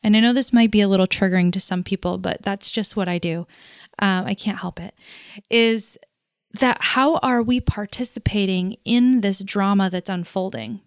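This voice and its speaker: A woman talks through a loose, reflective monologue as host, drifting off on tangents and laughing at her own remarks. Her voice is smooth and clear. It is recorded close and dry, with no room sound. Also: mid-range voice, normal speed, no room sound. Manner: rambling, goes off on tangents; laughs at herself.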